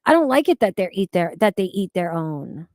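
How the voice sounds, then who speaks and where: A woman's voice: fairly low pitch, very animated, moderate pace, darkish tone, dry recording, clean studio sound. A woman streaming live, reading chat comments aloud and reacting in a blunt, profane, exasperated way.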